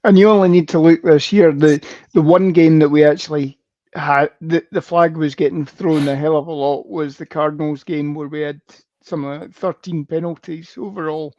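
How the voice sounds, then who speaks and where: A man co-hosting a sports podcast, rambling and emphatic with a mellow, somewhat higher voice. The recording is dull and lo-fi, and dry with no room sound. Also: steady tone, moderate pace, dry recording. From United Kingdom. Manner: rambling, emphatic, swears mildly. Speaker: co-host. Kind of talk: casual sports podcast chat.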